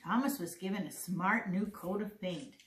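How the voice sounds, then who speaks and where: A woman reading a picture book aloud to a small child at home, softly coaxing and pointing out the pictures. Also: mid-range voice, moderate pace. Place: family home, indoors. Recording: echoey, noisy room recorded from a distance.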